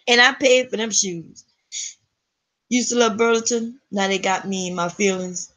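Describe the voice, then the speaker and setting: A woman hosting a live stream, telling a story to her chat in an animated, profane way and laughing often. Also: medium pitch, normal speed.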